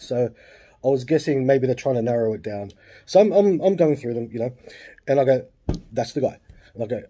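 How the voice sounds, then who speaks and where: A husky Australian man in his late forties spins a rambling story, with plenty of swearing and side remarks. His voice is very dark and mellow. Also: mid-range voice. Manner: swears freely, lots of asides and fillers. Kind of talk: casual storytelling.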